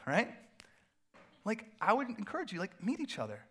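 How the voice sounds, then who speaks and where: Male pastor, middle-aged, a bit high-voiced, loose and playful delivery from the pulpit. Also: fast talker. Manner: casual, animated preaching with playful asides. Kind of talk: sermon.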